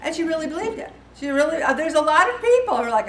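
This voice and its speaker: A woman's voice: high-pitched, quick pace, a little hiss or hum. A woman in her fifties leading a faith-based support group, talking casually and animatedly to the room. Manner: chatty and animated, acts out quoted voices. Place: meeting room. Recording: echoey room from far off.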